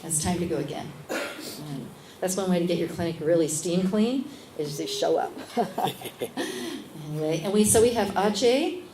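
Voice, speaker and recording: A middle-aged woman, a midwife being interviewed, tells a story in a casual, animated way and acts out other people's lines. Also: on the low side, normal speed. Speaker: guest, midwife. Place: event space at a lunch gathering. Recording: echoey room with background noise.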